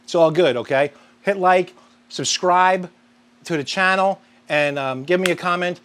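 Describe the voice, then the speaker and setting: A man's voice: high voice, measured pace, fairly bright tone, clear, resonant tone. Upbeat man hosting a grilling demo. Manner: upbeat, chatty, addresses viewers directly. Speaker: grilling show host. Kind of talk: cooking demonstration to camera.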